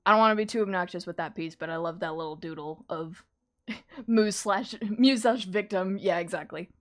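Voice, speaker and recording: A woman artist chatting casually on a live stream while drawing, animated and laughing often. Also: on the low side, brisk.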